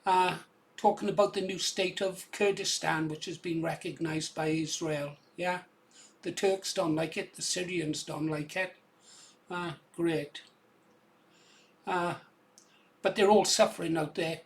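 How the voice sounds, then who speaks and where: A man's voice: on the high side, fairly even intonation, measured pace, vocal fry, slight background noise. A man with an English accent giving casual, conversational commentary on video clips, often adding "yeah?" to his points. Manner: conversational, tag questions like "yeah?".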